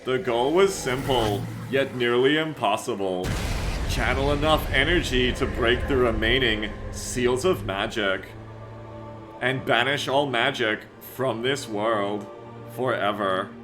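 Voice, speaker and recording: A man voicing a grave epic trailer narrator, reading in a slow, drawn-out dramatic way. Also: medium pitch, over music, natural voice. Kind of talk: mock-epic reading of a game intro.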